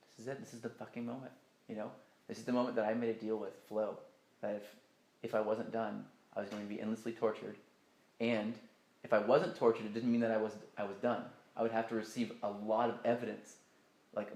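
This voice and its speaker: Gravelly man telling a rambling story. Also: on the low side, roomy sound. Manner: rambling, emphatic, swears often. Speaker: speaker telling a personal story. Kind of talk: casual storytelling talk.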